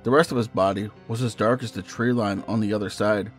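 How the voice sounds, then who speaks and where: A man narrating a first-person horror story in a measured, hushed storytelling manner. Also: lowish voice, steady tone. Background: faint music.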